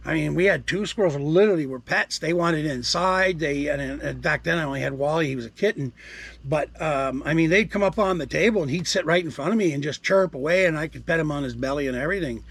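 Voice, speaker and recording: A man's voice: a little high, fast talker, fairly bright tone. A man in his sixties in a casual outdoor vlog, rambling to viewers and talking to the animals around his campsite. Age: 60s. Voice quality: gravelly, husky. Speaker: vlogger.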